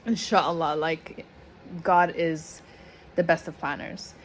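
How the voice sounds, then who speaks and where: A woman's voice: sits low, slow, slight background noise. Heartfelt woman vlogger. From Toronto, Canada. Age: 30s. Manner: emotional, heartfelt, animated. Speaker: small business owner. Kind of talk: casual vlog talk.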